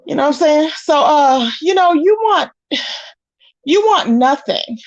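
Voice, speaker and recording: A woman's voice: high voice, animated, unhurried, dry recording. A woman doing casual live-stream commentary, reading chat aloud in a sassy way, calling viewers child and honey. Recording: dull lo-fi, dry.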